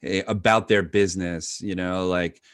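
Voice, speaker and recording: A man's voice: low voice, steady tone, moderate pace, a bit bright, clear, resonant tone, no room sound, studio quality. A man chatting casually, asking rambling, hesitant questions with many fillers. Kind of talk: casual chat.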